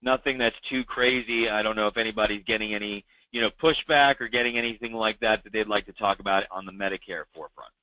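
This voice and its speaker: A man's voice: fairly low pitch, fairly even intonation, fast, few pauses, sharp tone, no echo, low-quality recording. A man hosting a weekly call for insurance agents, talking through problems in a conversational way with many fillers and repeating key advice. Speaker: meeting host for insurance agents.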